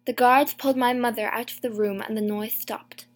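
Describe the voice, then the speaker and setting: A woman narrating a chapter of a storybook in the first person, slow, clear and deliberate. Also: a little high, steady tone. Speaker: audiobook narrator.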